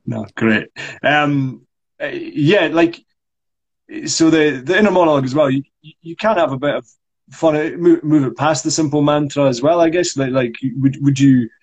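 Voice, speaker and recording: Scottish acting coach, slightly husky, chatty with lots of yeahs. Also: male voice, fairly high pitch, moderate pace. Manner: chatty, frequent fillers and repeated yeahs. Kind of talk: casual live discussion.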